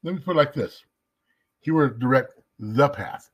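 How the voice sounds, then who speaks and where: A man giving a casual devotional teaching, emphatic, slowing down to stress key words and sometimes dropping to a whisper. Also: medium pitch, husky. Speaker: messianic Jewish teacher.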